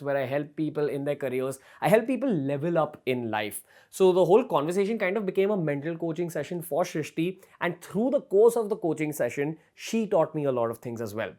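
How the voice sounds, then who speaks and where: A young man from India hosting a podcast with an energetic, enthusiastic manner. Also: on the high side. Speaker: podcast host. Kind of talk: casual podcast chat.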